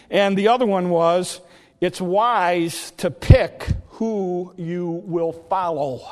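Male pastor, folksy conversational sermon, slightly high voice, long church reverb. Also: a little mellow. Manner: folksy, conversational, with frequent uh fillers. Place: church sanctuary.

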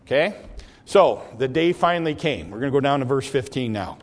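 A man teaching a Bible study lesson, explaining in a halting way and often repeating words as he goes. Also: mid-range voice, animated. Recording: long reverb of a large hall.

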